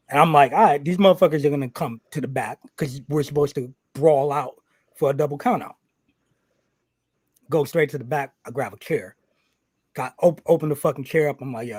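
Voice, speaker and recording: A man's voice: medium pitch, husky, no echo. A man co-hosting a wrestling podcast, telling a story casually, swearing constantly and acting out the back-and-forth of what people said. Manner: animated, swears constantly, acts out quoted exchanges.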